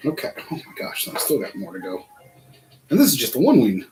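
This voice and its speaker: A man's voice: medium pitch, wildly swooping pitch, a little fast, darkish tone, soft background music, poor audio. A man hosting a casual build-along vlog, chatting to himself and laughing through his stories. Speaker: vlog host building a model kit.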